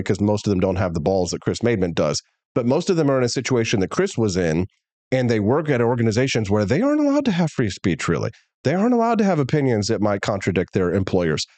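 A man's voice: medium pitch, a little mellow, no echo. A man hosting a political talk show, speaking candidly and emphatically. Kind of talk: casual political commentary.

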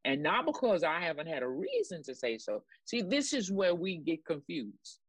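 A fairly low-pitched woman's voice swoops wildly in pitch, moving at a moderate pace with a breathy edge in a dry recording. She is a ministry broadcast co-host offering preaching commentary, emphatic and repetitive, pushing listeners on with exclamations of praise.

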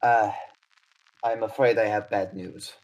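A man's voice: lowish voice, fairly even intonation, measured pace, a little mellow, rough recording. A man voicing a shaken young man bringing bad news, stammering and apologetic. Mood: distraught.

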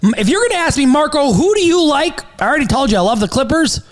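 A man co-hosts a sports betting show in loose, profane chat. His voice sits high and jumps around a lot. He hypes every pick like it's a sure thing. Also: sing-song, fast talker, soft background music. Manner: brash, profane, hype-driven. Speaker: podcast co-host.

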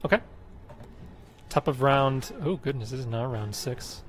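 A man acting as game master in an online tabletop game, calling turns and rolls in a brisk, procedural way. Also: mid-range voice. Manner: brisk, procedural, many short okays. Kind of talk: running a tabletop game over voice chat.

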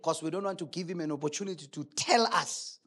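A man's voice: a little high, a little fast, a bit bright. A male preacher delivering a sermon emphatically, asking rhetorical questions.

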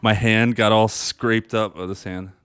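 Smooth-voiced male podcast co-host. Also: lowish voice, a little slow, no echo. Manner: animated, laughs often through his story. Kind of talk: casual chat, storytelling.

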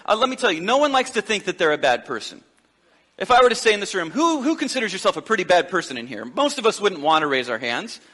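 A man preaching a sermon as pastor, lively and joking, acting out the dialogue of the people he describes. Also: high voice, fast, in a large hall. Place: church sanctuary.

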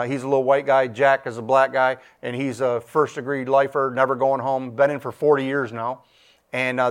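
Man, middle-aged, church testimony, emphatic, repeats words, rising and falling voice. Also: mid-range voice. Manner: emphatic, repeats himself, voice swells and drops. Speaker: church speaker giving testimony. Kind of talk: sermon testimony.

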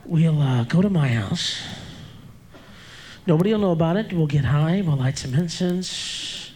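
A man on stage voicing a woman who makes a low, coaxing offer after a show. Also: animated, measured pace, mellow, slight background noise, low-quality recording. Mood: seductive.

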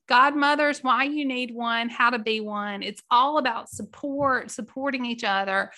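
A middle-aged woman talks casually to her viewers as their host. Her voice sits a little high and rings bright and forceful. She is folksy and openly emotional, often close to tears. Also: a little slow, few pauses.

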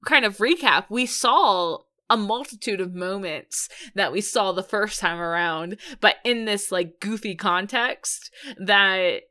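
A woman's voice: medium pitch, measured pace, hardly any pauses, bright, forceful tone. A woman co-hosting a podcast, chatting casually with meandering sentences and frequent giggles. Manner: meandering, many fillers and restarts, giggly. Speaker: podcast co-host. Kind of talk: casual chat.

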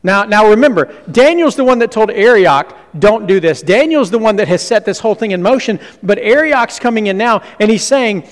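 Man preaching a sermon, fairly high voice, lively then hushed, long hall reverb. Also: fairly quick, few pauses. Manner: animated preaching with sudden drops to a hush; asks the audience questions. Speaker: pastor. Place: hall with an audience.

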